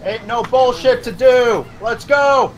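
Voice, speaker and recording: A man playing a game with friends, loud, swearing and yelling orders. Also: extremely high pitch, slow pace, low-quality recording. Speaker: game player. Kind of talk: casual gameplay chat.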